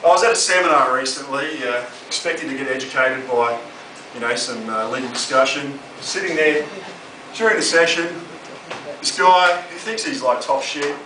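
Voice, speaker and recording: A man's voice: mid-range voice, moderate pace. A young Australian man doing a crude, sardonic stand-up comedy set on a club stage. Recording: roomy, distant live club recording with audience noise.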